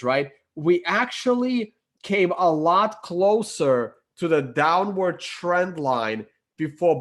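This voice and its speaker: A man talking casually through market charts on his screen, halting with fillers and self-corrections, his voice a little worn and croaky. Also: on the high side, fairly bright tone. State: losing his voice, clearing his throat. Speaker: crypto chart analyst.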